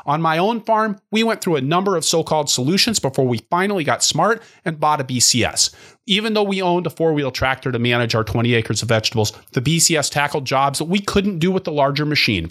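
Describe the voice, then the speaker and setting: Picture a male podcast host with a slightly high, lively voice that rises and falls a lot. He reads the sponsor spot smoothly and then asks his guest long, searching questions, now and then restarting mid-sentence. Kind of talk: read sponsor ad and interview questions.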